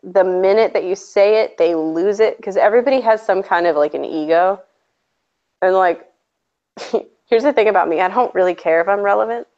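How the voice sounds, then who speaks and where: A woman's voice: mid-range voice, moderate pace, a little mellow. A woman hosting a stream in casual chat, sarcastic and chatty, laughing often. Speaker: stream host. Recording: dull lo-fi audio.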